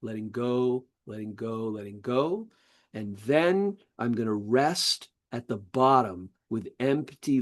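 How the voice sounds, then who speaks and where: A man teaching a live breathwork class, talking listeners through each breath with calm, repeated cues. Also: lowish voice. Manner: calm, repetitive guiding cues. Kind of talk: guided breathwork instruction.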